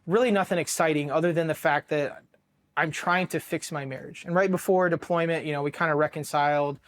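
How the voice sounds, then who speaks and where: A man in his thirties with an American accent tells his own story to an interviewer. His voice sits a little high for a man. He talks bluntly, swears freely, restarts his sentences often and acts out what others said to him. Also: steady tone, fairly quick, fairly bright tone. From Ohio, United States. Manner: blunt, profane, with many restarts and quoted dialogue. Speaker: Marine veteran guest.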